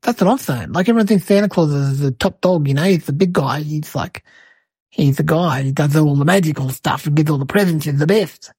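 A woman's voice: low-pitched, fairly quick, darkish tone, husky, no room sound. A woman voicing a cheeky little boy, telling a silly story to the camera in a rambling, chatty way full of fillers.

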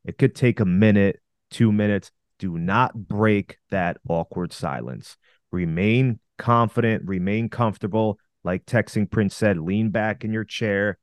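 A man's voice: fairly low pitch, a little slow, no echo. A man co-hosting a podcast, giving blunt, commanding dating advice to male listeners. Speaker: dating coach podcast co-host. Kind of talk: confident advice talk.

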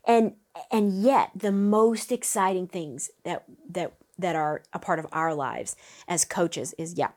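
A woman who works as a vocal coach, talking as a guest in a lively, upbeat interview and often breaking into quick vocal demonstrations. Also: on the low side. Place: Nashville.

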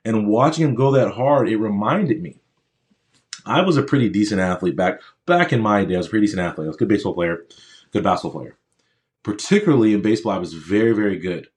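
A man's voice: on the low side, expressive, quick pace, a little mellow. A man giving a motivational speech to aspiring medical students, talking conversationally with personal stories and repeating phrases for emphasis. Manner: conversational, checks in with the audience.

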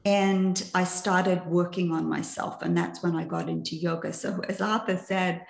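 An older woman with a low, gravelly voice recounts her path into coaching in a chatty, self-deprecating way. She keeps checking in with her listeners and speaks in an echoey room. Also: flat delivery, normal speed. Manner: chatty, self-mocking, frequent "right?" asides. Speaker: coach and presenter. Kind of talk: personal story in a masterclass talk.

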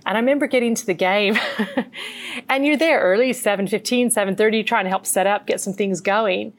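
A middle-aged woman with an Australian accent, a meditation teacher telling her story as an interview guest in an earnest, animated way. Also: mid-range voice, a little fast.

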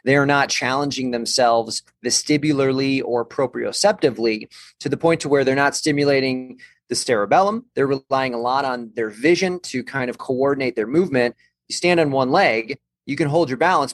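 A man's voice: medium pitch, fairly quick. Man explaining brain science conversationally. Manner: thoughtful, explanatory, frequent restarts and fillers. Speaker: guest expert on neuroscience and balance training.

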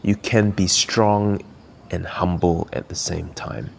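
A man's voice: sits low, steady tone, slow, vocal fry, slight background noise. A man from Malaysia hosting a podcast, giving earnest, encouraging coaching talk while thinking aloud. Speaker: podcast host.

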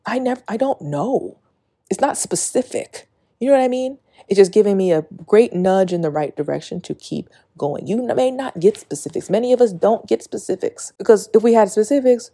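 A woman's voice: mid-range voice, warm tone. A woman hosting a solo spiritual podcast, reading a passage and then talking earnestly and confessionally, with many "like" fillers. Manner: reads a passage, then speaks off the cuff. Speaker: podcast host.

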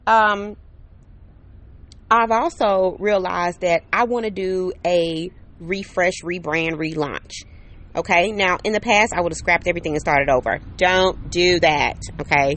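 A woman with a fairly low voice hosts her own podcast alone, outdoors under a patio umbrella while a neighbor's air conditioner runs. The monologue is casual, cheerful, and chatty, and she often checks in with listeners through many "okay?" and "right?".

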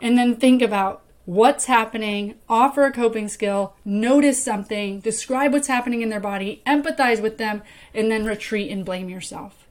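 A woman with a slightly high voice gives a relaxed training lesson to mentors. She talks in an easy, chatty way and slips into little acted-out phrases to show what to say. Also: normal speed. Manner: conversational, acts out example phrases. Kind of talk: casual instructional talk.

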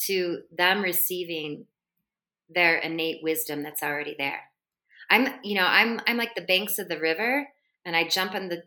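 A woman's voice: on the low side, pushed and bright. A middle-aged woman, a podcast guest and embodiment coach, talking in an earnest, flowing way with spiritual wording. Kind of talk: casual interview chat.

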